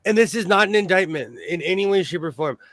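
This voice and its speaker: A man's voice: high voice, quick pace. A man hosting a sewing show, rambling through stories and laughing often in casual chat. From New York State. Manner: rambling, animated storyteller who laughs often.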